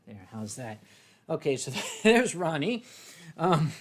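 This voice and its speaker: A man's voice: a little high, sing-song, slow. A man hosting a livestream, chatting playfully and rambling with lots of fillers while he draws viewer requests. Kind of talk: casual rambling chat while drawing.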